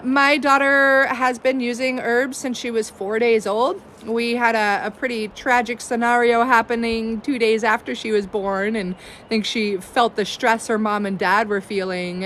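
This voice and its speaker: A woman's voice: a little high, steady tone, unhurried, a bit bright, slight background noise. A woman in her thirties, hosting as an herbalist, chatting casually and effusively, with many "like"s and "um"s. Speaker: herbalist host. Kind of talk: casual livestream chat.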